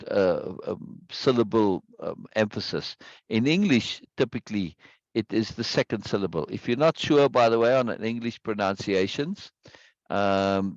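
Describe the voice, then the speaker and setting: Low-voiced man teaching over a video call. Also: no room sound, muffled recording. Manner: explanatory, slows to stress syllables, asks "right?" often. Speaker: teacher leading a book discussion. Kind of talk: online class discussion.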